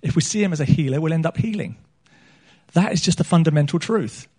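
A male preacher with a notably high voice delivers a sermon from a small church stage. He keeps it conversational and humorous, pausing to poll the congregation with questions. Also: darkish tone, slightly rough.

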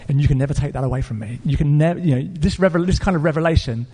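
Earnest preacher in a reverberant hall. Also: male voice, fairly high pitch, rapid-fire, slightly rough. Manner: earnest and animated, with fillers and self-corrections. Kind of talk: sermon storytelling. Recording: long reverb of a church hall.

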